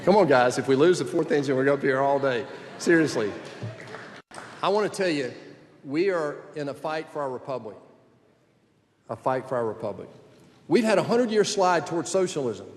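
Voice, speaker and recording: A man's voice: fairly high pitch, expressive, fairly quick, long pauses, a little hiss or hum. A man in his sixties giving a political speech as a senator at a youth conference, telling folksy stories with jokes. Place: large conference hall. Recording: long hall reverb.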